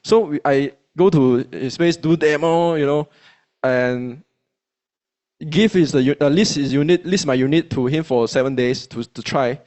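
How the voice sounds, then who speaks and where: A man with a Malaysian English accent, telling a motivational story to an audience in a colloquial, animated way and acting out his own dialogue. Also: on the high side, moderate pace. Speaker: speaker at a business event.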